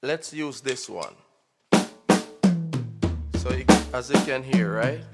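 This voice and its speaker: A man's voice: mid-range voice, over loud music. A man giving an unscripted, casual drum kit tutorial, often checking in with "right?". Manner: slow, informal, repeats "right?" often. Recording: long reverb in a hall-like room.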